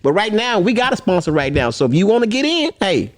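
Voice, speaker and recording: A man in his forties hosting a comedy podcast, loud and hyped, joking through plugs and crude jokes. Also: high-pitched, very animated, fast talker. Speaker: podcast host. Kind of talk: casual comedy podcast banter.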